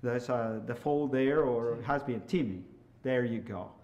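A middle-aged man preaching a sermon, swinging from loud, impassioned hollering down to soft, quiet asides. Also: mid-range voice, measured pace, dull audio.

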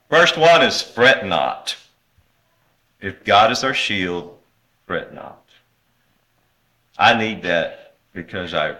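Male preacher, slow and earnest, bright forceful tone, sermon delivery. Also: medium pitch, low-quality recording. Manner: reads scripture in old-style wording. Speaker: pastor.

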